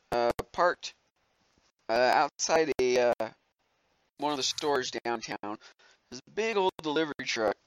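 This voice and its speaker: A man from southern Alabama running a tabletop game as game master, narrating with lots of fillers and quick laughs. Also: medium pitch, dry recording, poor audio. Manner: lively, laughing, hesitant narration with many fillers.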